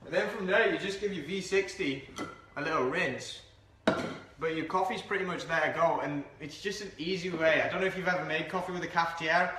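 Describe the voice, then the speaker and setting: A chatty man walks through a coffee brew in a casual vlog, rambling and poking fun at himself. His voice is bright and sits a little high for a man. The room around him rings with echo. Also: a little fast, a little hiss or hum. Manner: chatty, rambling, self-deprecating. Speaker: coffee reviewer. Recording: echoey room.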